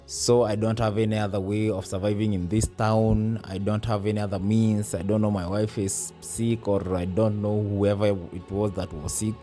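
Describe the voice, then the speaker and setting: A Kenyan man with a low, mellow voice narrates his vlog in a casual, exasperated way. Soft music plays quietly underneath. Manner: exasperated storytelling, mixing English and Swahili slang. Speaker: vlogger.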